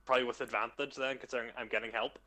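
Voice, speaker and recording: A man with a bright, clear voice, playing in a tabletop game. He cracks quick jokes. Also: medium pitch, little pitch movement. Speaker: player.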